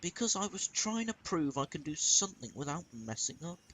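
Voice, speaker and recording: A man's voice: fairly high pitch, big pitch swings, brisk, a bit bright, a little hiss or hum, voice pushed up, rough recording. A man voicing a proud, impatient male steam engine in a fan-made storybook, impatient and then earnest.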